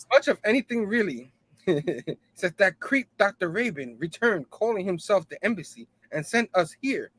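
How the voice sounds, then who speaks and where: Bright-voiced man laughing through a comic recap. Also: sits high, big pitch swings, measured pace, husky. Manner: laughs often, repeats "you know what I mean"; loosely acts out characters' lines. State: hot and sipping a drink. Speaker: comic book review host. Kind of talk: casual comic recap, paraphrasing dialogue.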